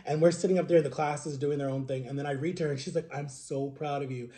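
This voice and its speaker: A man's voice: a little high, fairly even intonation, rapid-fire, dark tone. A man in his thirties, a vlogger telling his own life story in an earnest, rambling, emotional way, often checking in with "right?". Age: 30s. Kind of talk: personal storytelling to camera.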